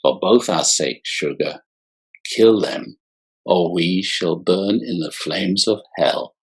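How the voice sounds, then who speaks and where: A man voicing a fanatical mother with a Mississippi Delta accent, a raw raspy purr and slow, sinister preaching. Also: deep voice, expressive, exaggerated voice. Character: unhinged mother, religious fanatic, purring.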